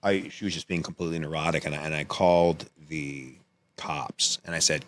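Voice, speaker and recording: Low-voiced man telling a story. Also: a little fast. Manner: animated, rambling, profane. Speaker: podcast guest, filmmaker. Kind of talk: casual storytelling chat.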